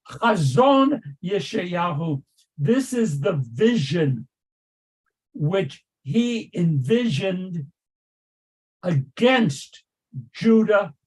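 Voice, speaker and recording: An older man, a rabbi, leading a text study class over a video call, emphatic and repeating key phrases as he calls on students. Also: high voice. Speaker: rabbi teaching Torah study.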